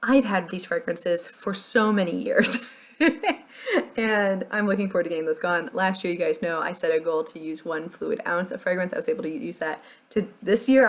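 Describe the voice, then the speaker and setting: An American woman talking casually through a beauty project, chatty and rambling with frequent laughs. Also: on the low side. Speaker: beauty vlogger. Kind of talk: casual product chat.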